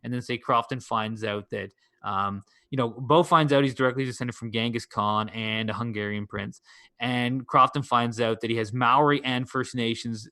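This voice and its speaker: A man's voice: mid-range voice, steady tone, normal speed, bright, forceful tone, smooth, no room sound. A man chatting loosely on a podcast, his mid-range voice sitting close and dry with no room around it. He circles his points, doubling back and rephrasing as he thinks aloud. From Canada. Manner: meandering, thinks aloud with frequent restarts. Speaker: podcast co-host. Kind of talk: casual chat.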